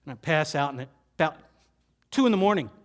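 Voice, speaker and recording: A man presenter telling a personal story to an audience, with dramatic pauses and repeated phrases that sink to a quiet voice. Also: a little high, expressive. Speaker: keynote presenter.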